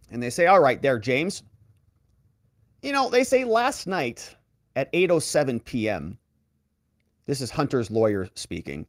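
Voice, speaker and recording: A male lawyer running a commentary show reads official letters aloud with animated, theatrical emphasis and cuts in with mocking asides. His pitch moves widely from line to line. The recording is dry and close, with no room sound. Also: no echo. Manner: animated reading of quoted letters.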